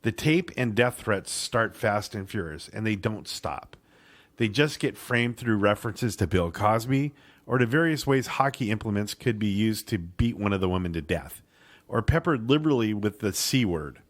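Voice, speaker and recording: A man's voice: lowish voice, animated, moderate pace. A man co-hosting a casual sports podcast, swearing freely and stumbling over words as he reads an article aloud. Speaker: podcast co-host.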